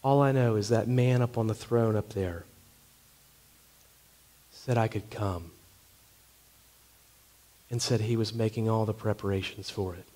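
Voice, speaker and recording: A man's voice: on the low side, fairly even intonation, measured pace, long pauses, dark tone, lightly acted. A man preaching, acting out a bewildered, plain-spoken thief who has just died. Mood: earnest. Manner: confused, casual, shrugging.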